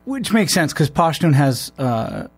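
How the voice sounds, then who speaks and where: A man's voice: a little high, sing-song, unhurried, slightly rough, faint music behind. A man, a military veteran, talking in a loose, rambling way with many restarts and fillers. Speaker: podcast host. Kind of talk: casual conversation.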